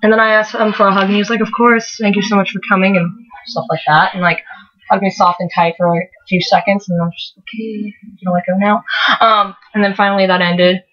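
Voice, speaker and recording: A teenage girl vlogs casually about a concert, rambling, swearing, and saying "like" a lot. Her mid-range voice is level in tone and fast. The audio is dull lo-fi webcam sound.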